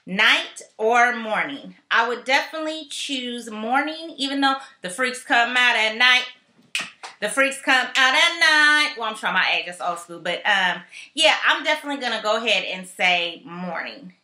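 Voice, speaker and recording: A woman's voice: on the high side, lively intonation, moderate pace, pushed and bright. A woman vlogger chatting casually and playfully through a question tag video, with slangy asides. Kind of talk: casual chat. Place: home in California. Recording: echoey room.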